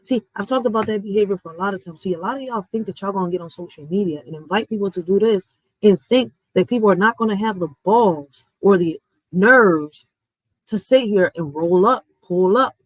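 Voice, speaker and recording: A woman's voice: medium pitch, brisk, no echo, poor audio. Blunt ranting woman. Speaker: vlogger. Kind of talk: heated social media commentary.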